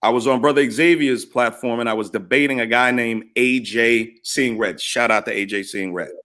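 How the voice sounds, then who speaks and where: A middle-aged man telling stories in a casual chat, animated and acting out both sides of past arguments. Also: mid-range voice, moderate pace. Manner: animated, retells arguments in quoted voices. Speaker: podcast guest. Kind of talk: casual storytelling.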